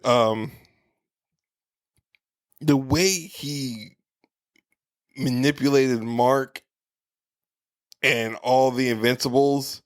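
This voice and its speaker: A man's voice: mid-range voice, extremely slow, pauses often. A man co-hosting a podcast, chatting casually and rambling with lots of fillers and restarts. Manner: relaxed, rambling with frequent fillers. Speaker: podcast co-host. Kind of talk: casual chat.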